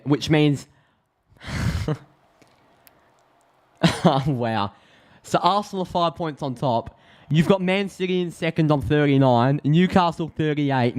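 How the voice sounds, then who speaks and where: Chatty Australian football streamer. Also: male voice, on the high side. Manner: chatty, excitable, thinks aloud with restarts. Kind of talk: live match reaction.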